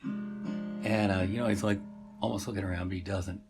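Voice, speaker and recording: A man's voice: sits low, fairly even intonation, normal speed, music in the background. A man telling a story in a rambling, meandering way, full of fillers and asides.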